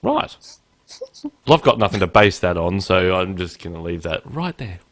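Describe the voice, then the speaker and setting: A man's voice: sits low, very animated, normal speed. A male podcast host chatting casually, joking about himself and laughing often.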